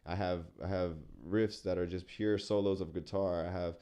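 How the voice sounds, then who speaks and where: A young man from San Antonio with a very deep, low voice speaks as a guest musician. He talks in an earnest, reflective way, often pausing on fillers as he explains his craft. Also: steady tone, dark tone. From San Antonio, Texas. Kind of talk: casual interview chat.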